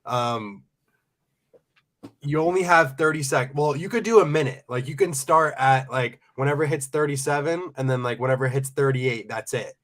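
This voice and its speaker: A man's voice: mid-range voice, normal speed, a bit bright. A young man hosting a casual live stream. He chats with viewers, reads their comments aloud and laughs often. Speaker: livestream host and reseller. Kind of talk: casual livestream chat.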